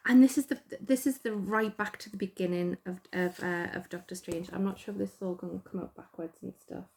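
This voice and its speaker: A woman's voice: fairly low pitch, fairly even intonation, brisk, gravelly, few pauses. Chatty Geordie woman rambling. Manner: chatty, rambling, self-deprecating, with many fillers. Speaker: podcast host. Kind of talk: casual chat.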